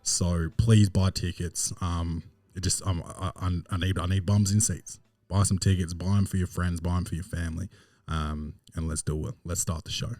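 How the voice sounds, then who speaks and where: Aussie guy hosting a podcast, low voice, brags and jokes around, swears heaps. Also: flat delivery, normal speed, dark tone, dry recording. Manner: boastful, joking, swears freely. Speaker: podcast host. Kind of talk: casual podcast chat.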